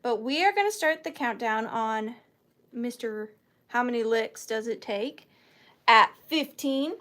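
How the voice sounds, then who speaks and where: A woman chats through an online auction, playful and self-mocking as she shows each item and counts down the bids. Her voice sits a little high, and she takes her time. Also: lively intonation, a little slow, a bit bright. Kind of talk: live auction chat.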